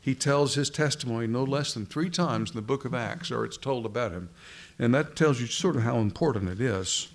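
Conversational male preacher, mid-pitched. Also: brisk, few pauses. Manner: conversational, addresses listeners directly, frequent restarts. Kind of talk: sermon.

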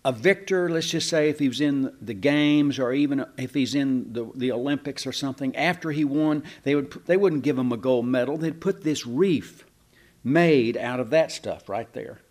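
A man preaching a sermon in a folksy, animated way, with sarcastic asides to the congregation. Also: on the high side. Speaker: pastor.

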